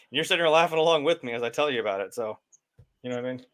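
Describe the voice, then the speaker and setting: A man's voice: medium pitch, quick pace, fairly bright tone. A man co-hosting a casual movie review podcast, rambling with many fillers and frequent laughs.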